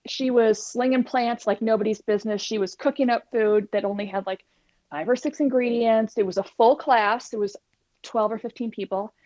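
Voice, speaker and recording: A woman with a somewhat high voice tells her own story in an interview, animated and acting out what people said. The recording is dull and lo-fi, with a dry, close sound. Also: moderate pace, dry recording. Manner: animated, acts out quoted dialogue. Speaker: plant-based cooking instructor, guest.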